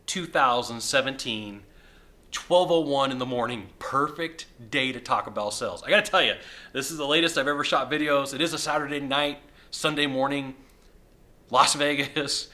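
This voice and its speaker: A man with a bright, forward voice records a casual video from a hotel suite. He talks in an energetic, chatty way at a middling pitch. His voice is slightly hoarse, as if he is losing it. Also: a little fast. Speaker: sales consultant. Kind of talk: casual video talk to camera.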